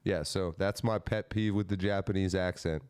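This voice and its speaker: A man's voice: low-pitched, fairly even intonation, normal speed, a little mellow, clear, resonant tone. A man hosting a live podcast, joking and rambling in casual banter. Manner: joking, rambling, laughs often. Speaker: podcast host.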